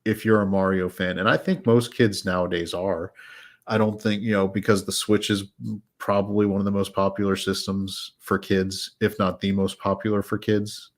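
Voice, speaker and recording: A man's voice: sits low, level tone, moderate pace. A man hosting a podcast, chatting casually about films in a rambling way full of fillers and restarts. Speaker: podcast host. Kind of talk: casual chat reviewing films.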